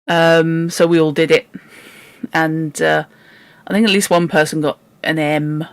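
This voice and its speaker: A woman's voice: low-pitched, little pitch movement, measured pace, no echo. A woman hosting a book club, reading a story aloud and chatting with a self-deprecating humor. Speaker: book club reader and host. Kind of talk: casual read-aloud with chat.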